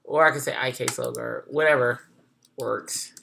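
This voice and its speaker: A design instructor talking through a software tutorial in a casual, chatty way, thinking aloud and correcting themself as they go. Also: medium pitch, fairly even intonation, moderate pace, creaky, slight background noise.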